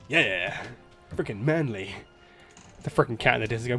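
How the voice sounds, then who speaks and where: A young man with an excitable, joking manner, commenting loudly on an online multiplayer game with friends. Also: mid-range voice, slow, slightly rough, faint music behind. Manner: yelling, laughing, joking with friends. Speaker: gaming YouTuber.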